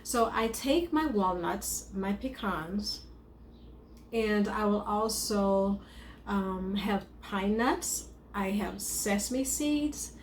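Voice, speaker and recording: A woman's voice: medium pitch, expressive, very slow. Echoey woman coaching on eating habits. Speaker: wellness coach and chef. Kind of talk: casual advice to camera. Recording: echoey room with faint noise.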